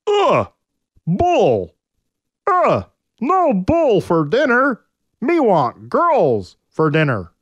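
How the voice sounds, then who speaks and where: A man's voice: sits high, huge pitch swings, very slow, dry recording, voice pushed up, exaggerated voice. A man voicing a scruffy caveman hunter who grunts in broken speech. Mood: shouting.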